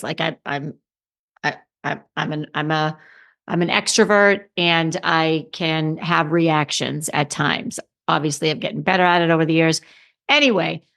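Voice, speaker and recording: A woman's voice: lowish voice, a bit bright. Emphatic woman hosting a solo podcast. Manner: conversational, emphatic, with restarts and repeated phrases. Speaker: podcast host and confidence coach.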